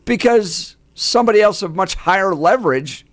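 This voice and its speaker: A man co-hosting a talk radio show, talking in a measured way and thinking aloud with small restarts. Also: sits high, lively intonation, a bit bright, dry recording.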